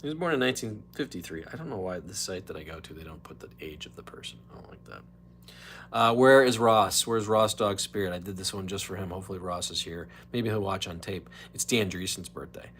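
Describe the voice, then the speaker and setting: A man's voice: lowish voice, a bit bright, a little hiss or hum. A man hosting a casual solo live stream, chatting in a rambling way and dropping into mock whispers and voices.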